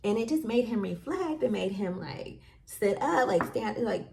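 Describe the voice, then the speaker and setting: A woman's voice: fairly high pitch, expressive, measured pace, vocal fry, dark tone, slight background noise. A woman hosting a parenting talk, chatting casually and telling stories with lots of fillers. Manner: chatty, storytelling with lots of fillers and acted quotes. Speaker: podcast host.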